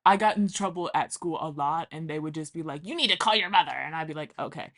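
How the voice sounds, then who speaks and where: A woman's voice: sits low, quick pace, fairly bright tone. Chatty young woman telling stories. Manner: chatty, swears freely, acts out quotes. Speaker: vlogger. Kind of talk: casual storytelling.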